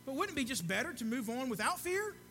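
A man preaching a sermon in an earnest, conversational way, often dropping to a soft hush. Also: very high-pitched, big pitch swings, fast, a little hiss or hum.

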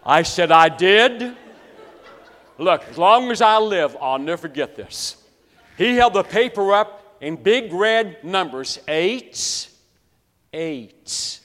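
A man from West Virginia preaching a sermon to his congregation, telling a story dramatically and swinging between hushed and loud. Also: sits high, expressive, measured pace. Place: church sanctuary. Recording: long reverb of a large hall.

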